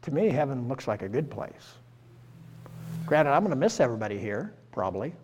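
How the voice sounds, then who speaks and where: A man's voice: mid-range voice, big pitch swings, brisk, a little mellow, a little hiss or hum. A man in his sixties preaching a conversational sermon, folksy and full of rhetorical questions. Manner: folksy, rhetorical, peppered with "right?" and "you know". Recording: long church-hall reverb.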